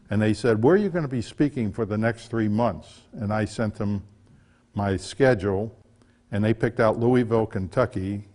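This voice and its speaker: A man's voice: fairly low pitch, a little mellow. Older man telling a folksy story. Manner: folksy, chatty storyteller with small restarts. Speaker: author giving a talk. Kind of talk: casual storytelling talk.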